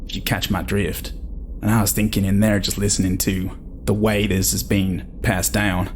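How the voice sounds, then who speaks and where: A man playing a brash, rough-talking male space crewman who swaggers in ungrammatical slang. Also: fairly low pitch, flat delivery, normal speed, slight background noise, natural voice. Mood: scheming.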